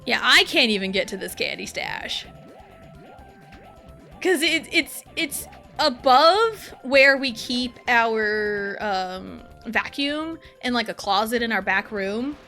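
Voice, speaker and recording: High, bright-voiced woman streamer. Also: expressive, slow pace, soft background music. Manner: rambling, exasperated, full of fillers. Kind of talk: casual chat while gaming.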